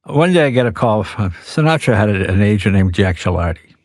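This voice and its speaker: A man's voice: lowish voice, fairly quick, no echo, clean studio sound. A man, telling stories in a casual chat and acting out the people in them. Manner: animated storyteller who acts out quotes, bursting into shouted impressions. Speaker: guest comedian.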